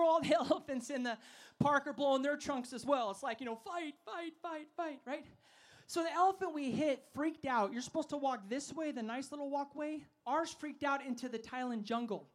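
High-voiced man preaching with energy. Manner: energetic, asks the crowd to call back; humorous storytelling. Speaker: festival speaker. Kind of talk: sermon.

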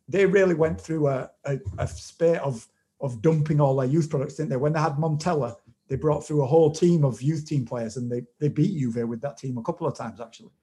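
A man co-hosting a casual podcast, speaking over a video call in a knowledgeable, measured way with frequent restarts. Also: on the high side, warm tone. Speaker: podcast co-host and football analyst. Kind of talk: casual chat, detailed analysis.

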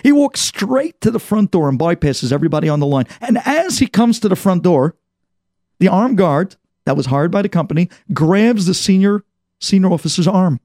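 A man preaching through a story with dramatic swings from loud to hushed. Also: high-pitched, expressive, moderate pace, no echo, studio quality. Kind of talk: storytelling sermon.

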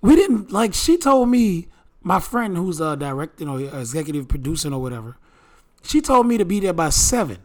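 A man with a slightly higher voice co-hosts a casual podcast and keeps it light. He tells his story in loose, joking banter. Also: big pitch swings, normal speed. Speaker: podcast co-host.

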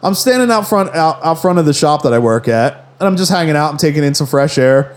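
High-voiced man telling profane stories. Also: fast. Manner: profane, animated anecdote-telling with acted quotes. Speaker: podcast co-host. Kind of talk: casual chat, storytelling.

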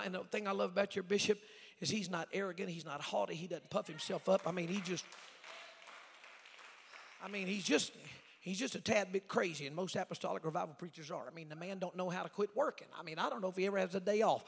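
A male evangelist preaching a revival sermon with folksy asides, swinging between fiery shouts and hushed, near-whispered passages. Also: high voice, fast, creaky. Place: church sanctuary. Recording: long hall reverb with faint music.

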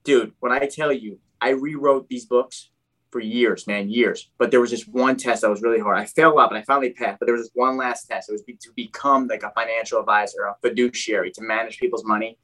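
Speaking fast at a medium pitch, a young man shares his story as a guest on a podcast. His chat is animated and casual, peppered with "dude" and frequent sentence restarts.

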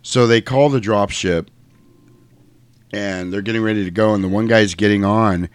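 A low-voiced man casually retelling a movie's plot, animated and acting out the characters as he goes. His voice is recorded close and dry, with no room sound. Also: moderate pace, clean tone, no room sound. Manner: animated, acts out quotes. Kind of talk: casual film recap chat.

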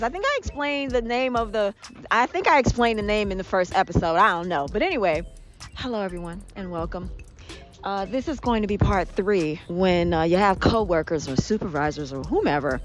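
A woman's voice: mid-range voice, normal speed, faint music behind. A woman hosting her own podcast, talking candidly and a bit profanely while walking home from work outdoors. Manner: candid, profane, animated storytelling with laughs. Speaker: podcast host. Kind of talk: casual solo podcast monologue.

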